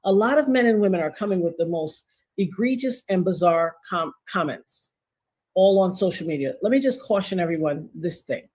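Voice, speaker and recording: Animated middle-aged woman livestream host. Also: lowish voice, normal speed. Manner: animated, emphatic, talks straight to viewers with slang and repeats. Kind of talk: casual livestream commentary.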